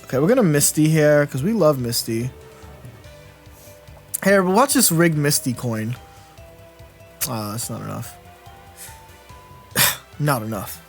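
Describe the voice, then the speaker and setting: A man's voice: fairly high pitch, expressive, takes it slowly, pauses often, faint music behind. Chatty young man streaming a card game. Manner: rambling, self-interrupting, chatty with viewers. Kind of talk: casual live-stream commentary.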